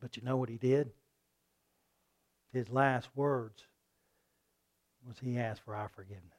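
A man preaching a sermon in a folksy style, often asking his listeners "right?" and loudly acting out the voices of a mocking crowd. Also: mid-range voice, a little slow. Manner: animated, acts out mocking crowds in loud voices.

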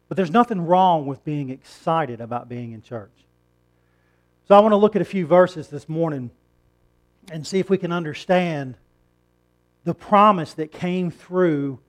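A middle-aged man preaching a sermon in a conversational way, rising to emphatic points and asking the congregation questions. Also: on the high side. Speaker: pastor.

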